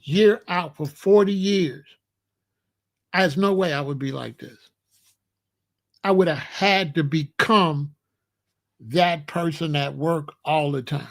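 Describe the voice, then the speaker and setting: A middle-aged man from the United States talking in a blunt, emphatic casual monologue, often repeating himself. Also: high voice. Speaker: commentary channel host.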